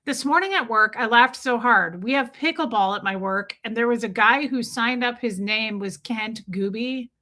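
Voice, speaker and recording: A chatty woman hosts a casual livestream, greeting viewers by name in a bright, sharp-toned voice that sits a little high. Her talk is playful and rambling, full of quick asides to the people watching. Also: lively intonation. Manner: chatty, playful, reads viewer names aloud. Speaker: livestream host. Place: countryside home.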